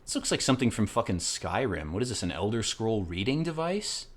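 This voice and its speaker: Man, let's play host, casual rambling commentary, profane, lower pitch, very animated. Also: a little fast.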